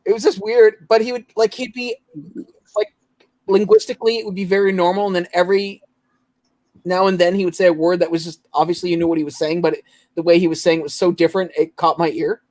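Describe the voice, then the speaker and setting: A man's voice: high voice, steady tone, fast talker, a little mellow, dry recording, low-quality recording. A man from Ontario, hosting a casual late-night collectors' chat, laughing often and trailing off mid-thought. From Ontario, Canada.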